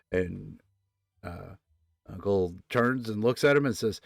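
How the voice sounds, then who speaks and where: Rambling low-voiced man hosting a stream. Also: slow pace, gravelly, breathy edge, no room sound, clean studio sound. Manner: rambling, hesitant, many fillers. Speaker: streamer host. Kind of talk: casual late-night stream chat.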